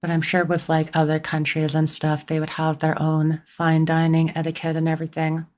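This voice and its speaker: A woman's voice: low-pitched, monotone, moderate pace, darkish tone. A young woman from Canada streaming a game, chatting casually with viewers in a rambling way full of "like" and restarts.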